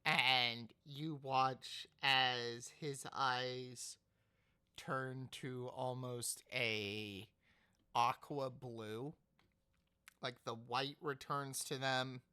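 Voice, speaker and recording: A man narrating as game master of a tabletop game, slow and halting, often restarting his words. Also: mid-range voice, steady tone, sharp tone, clear, resonant tone.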